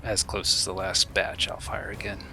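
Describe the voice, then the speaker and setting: A man playing a tabletop game, declaring his character's actions in a quick, direct way. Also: low-pitched, steady tone, gravelly. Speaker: player. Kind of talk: casual tabletop play.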